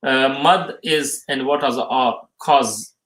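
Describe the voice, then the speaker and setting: A man teaching a live tajweed lesson, reading out questions and explaining the answers haltingly, often restating each term twice. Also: medium pitch, fairly bright tone. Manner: halting, many fillers, restates terms twice. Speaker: Quran recitation teacher. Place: mosque or Islamic centre room. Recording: roomy echo.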